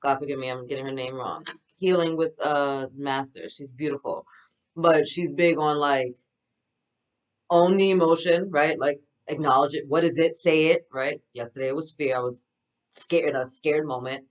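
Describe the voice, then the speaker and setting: A woman's voice: low voice, steady tone, moderate pace, poor audio. A woman reading oracle cards, giving a casual spiritual pep talk in an enthusiastic, affirming, chatty way. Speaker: spiritual card reader.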